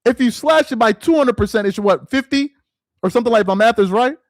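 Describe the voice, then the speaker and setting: Man, live-stream commentary host, high lively voice, sarcastic, dry close sound. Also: no echo. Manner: sarcastic, mocking, reads aloud slowly with emphasis.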